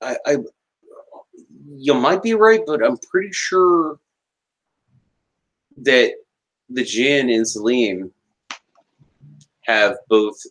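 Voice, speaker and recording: A man's voice: mid-range voice, a bit bright, rough recording. A man hosting a podcast, chatting casually about a TV episode and often repeating words as he starts a sentence. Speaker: podcast host.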